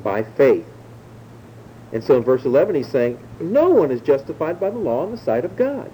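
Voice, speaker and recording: A man preaching a Bible sermon, explaining verses in a measured teaching way and slowing down to stress key words. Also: medium pitch, big pitch swings, dark tone, slight background noise, rough recording. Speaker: pastor.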